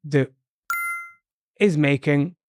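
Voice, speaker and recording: A man's voice: on the high side, drawn-out words, a little hiss or hum. A man with a British accent teaching English in a podcast lesson, explaining patiently and encouragingly with frequent fillers.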